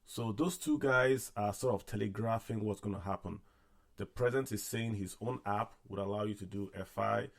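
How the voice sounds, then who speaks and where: Low gravelly man hosting a finance chat. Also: moderate pace. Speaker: podcast host. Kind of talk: casual discussion on a call-in show.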